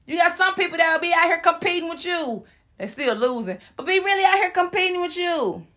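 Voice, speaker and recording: A woman's voice: very high voice, lively intonation, brisk, pushed and bright. A young adult woman hosting a casual advice monologue, sassy and playful, preaching to her listeners in slangy everyday talk. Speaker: host giving life advice.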